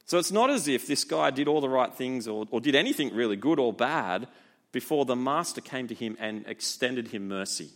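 A man delivers a sermon in an easygoing, conversational style. His voice sits at a middle pitch, and he keeps drawing listeners in with rhetorical questions and animated stresses. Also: moderate pace. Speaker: preacher.

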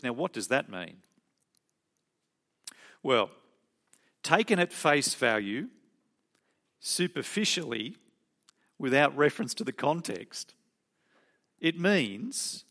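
A man preaching a sermon, expressive, acting out quoted lines and dropping into soft asides. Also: medium pitch.

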